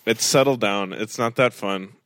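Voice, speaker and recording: A man co-hosting a casual podcast, playful and quick to joke about himself. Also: fairly low pitch, dry recording. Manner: lively, playful, self-mocking. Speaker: podcast co-host.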